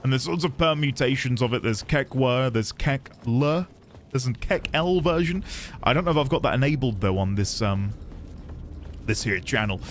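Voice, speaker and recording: Male streamer, casual gaming chat, lively swings in pitch, laughs a lot, self-mocking. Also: normal speed, soft background music. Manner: animated, laughs often, self-deprecating asides to chat. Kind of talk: casual live gaming commentary.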